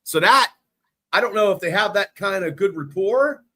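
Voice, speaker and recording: A man on a casual sports podcast talks in a rambling, excitable way, peppering his talk with swearing. His voice sits a bit high and rings bright. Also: normal speed. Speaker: podcast co-host.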